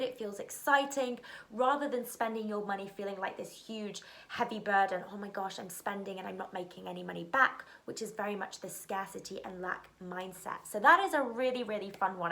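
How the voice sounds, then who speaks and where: A woman hosts her own channel and talks straight to her viewers in a relaxed, encouraging way. Her speech is chatty and full of easy fillers. Her voice sits in an ordinary middle pitch. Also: vocal fry. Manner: chatty, encouraging, frequent "you know" and "like". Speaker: video host. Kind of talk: casual talk to camera.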